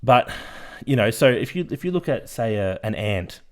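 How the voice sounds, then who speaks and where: A man's voice: mid-range voice, very animated, normal speed. A male podcast co-host explaining his topic in a rambling, casual way. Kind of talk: casual chat.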